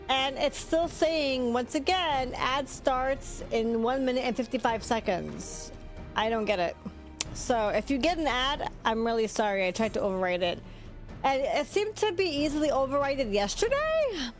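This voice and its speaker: A woman streaming a video game live, chatting casually and rambling to herself as she plays. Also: high-pitched. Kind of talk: casual live-stream chat while gaming. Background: game music.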